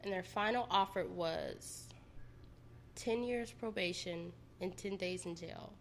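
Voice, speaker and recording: A woman's voice: lowish voice, takes it slowly, slight background noise. A woman telling her own story in a casual, candid and profane way.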